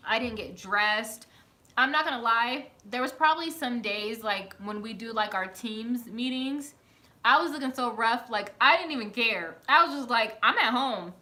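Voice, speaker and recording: A woman's voice: fairly high pitch, normal speed, sharp tone. A woman, chatting casually on a live stream from home, reading out her viewers' comments and laughing often. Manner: chatty, laughs often, talks to chat by name.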